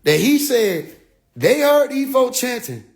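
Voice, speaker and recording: A man talking on a casual phone livestream, animated and profane, often mimicking others in low mocking voices. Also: slow, vocal fry. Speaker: livestream host.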